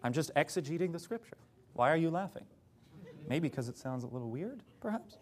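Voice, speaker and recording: Animated, sarcastic male preacher. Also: a little high, fairly quick. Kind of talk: sermon.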